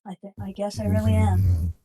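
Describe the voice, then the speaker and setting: A woman speaking earnestly in character at a tabletop game. Her pitch swings freely from phrase to phrase. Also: wildly swooping pitch, normal speed, mellow, breathy edge, no echo. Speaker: player. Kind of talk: in-character tabletop role-play.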